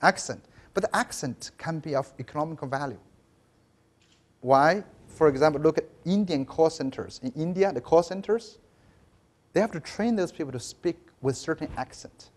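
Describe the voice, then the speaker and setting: In a conference hall, a high-voiced education professor delivers a keynote at normal speed with lively energy. His talk is storytelling full of "right?" addressed to the audience and frequent restarts.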